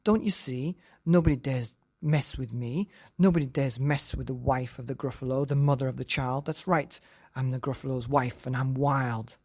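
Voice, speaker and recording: Guy putting on a fierce gruffalo mum, high and loud, bossy and boasting, bedtime story. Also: steady tone, moderate pace, natural voice. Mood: boastful. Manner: scolding, boastful.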